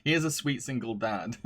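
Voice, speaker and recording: A man's voice: mid-range voice, a bit bright, husky. A man streaming live, chatting casually and reading viewer comments, often laughing and gushing with frequent restarts.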